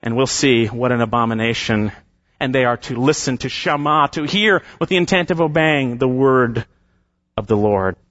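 A man preaching an expository sermon, emphatic, slowing down and dropping his voice at the ends of phrases. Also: medium pitch, a bit bright, dry recording, muffled recording. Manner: emphatic preaching with slowed, falling phrase endings. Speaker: pastor.

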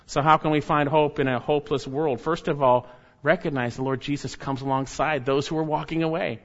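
A man preaching a sermon, stressing key words loudly and dropping to quiet, low asides. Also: steady tone, fairly quick, muffled recording. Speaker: pastor.

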